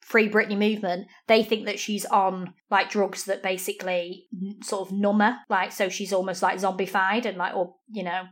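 A woman's voice: mid-range voice, normal speed, few pauses. A woman, chatting casually and telling stories with lots of "like" and swearing. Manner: animated storytelling, lots of "like", swears. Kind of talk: casual chat.

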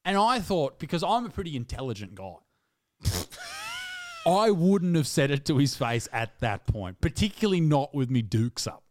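A man's voice: a little high, sing-song, a little fast, few pauses, darkish tone. An Australian man co-hosting a podcast, telling rambling, crude footy stories. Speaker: podcast co-host. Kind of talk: casual storytelling.

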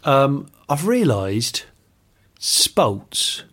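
A man's voice: medium pitch, sing-song, extremely slow, a bit bright. A man co-hosting a podcast, chatting casually with playful, mock-indignant rants. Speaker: podcast co-host. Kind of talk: casual chat.

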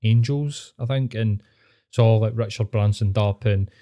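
A man's voice: fairly low pitch, measured pace, mellow. A young man with a Glaswegian accent, hosting a podcast in casual chat, swearing a lot as he rants and mimics people. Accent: Scottish, Glaswegian. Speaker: podcast host.

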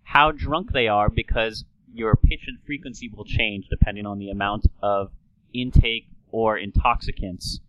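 With a steady, lowish voice at a moderate pace, this podcast host lectures playfully on his casual talk show, sometimes putting on an old-timey announcer's voice. The audio is dry and lo-fi.

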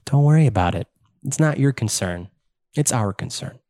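A game master putting on a contemptuous male villain in a blue robe, cursing and giving orders with sharp rises in pitch. He sneers at everyone and mocks them. A tabletop role-play voice. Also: expressive, normal speed, lightly acted. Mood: dismissive.

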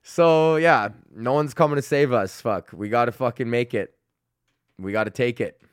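A man's voice: mid-range voice, normal speed, clean tone, dry recording, studio quality. A young man hosting his own comedy podcast, ranting with constant swearing and frequent laughter. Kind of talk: profane solo rant.

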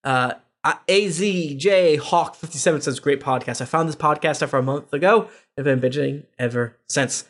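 Higher-voiced man reading reviews aloud. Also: moderate pace, few pauses, a bit bright. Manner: casual, joking asides between reviews. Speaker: podcast host.

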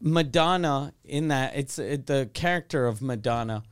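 A man's voice: medium pitch, normal speed, clear, resonant tone. A man co-hosting a podcast in casual chat, telling rambling stories full of swearing. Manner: rambling storytelling, heavy swearing. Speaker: podcast co-host. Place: podcast studio.

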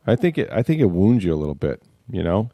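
A man hosting a casual sports talk show, talking in an animated way, repeating words and acting out what others said. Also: low voice, quick pace, no echo, muffled recording.

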